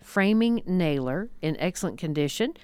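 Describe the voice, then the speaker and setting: A woman's voice: fairly low pitch, lively intonation, moderate pace, darkish tone, clean tone, no room sound. A woman co-hosting a radio show, chatting casually and reading listings with hesitant fillers. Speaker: radio co-host. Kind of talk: casual on-air chat and listings. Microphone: studio mic.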